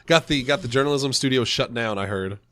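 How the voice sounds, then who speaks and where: A man's voice: medium pitch, fairly quick, bright, forceful tone. A man hosting a podcast, sick and nasal, chatting casually and laughing through his stories. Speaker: podcast host. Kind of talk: casual chat.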